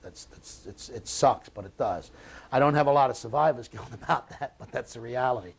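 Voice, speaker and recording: Older american guy in his 60s telling war stories, blunt and swearing, keeps restarting sentences, mid pitch voice. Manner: halting and blunt, with frequent restarts and profanity. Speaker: war veteran interviewee. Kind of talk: oral history storytelling.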